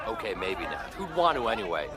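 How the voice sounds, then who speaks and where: A man's voice: fairly low pitch, sing-song, a little fast, over a noisy crowd. An actor playing a boastful, complaining male superhero detective in a cartoon. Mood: whiny. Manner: complaining, self-pitying. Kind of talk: cartoon voice acting.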